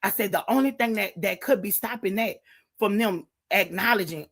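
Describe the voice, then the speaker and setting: A woman preaching in an impassioned sermon style, fervently repeating exclamations to God and bursting into shouts. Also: mid-range voice, normal speed. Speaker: Christian preacher and show host.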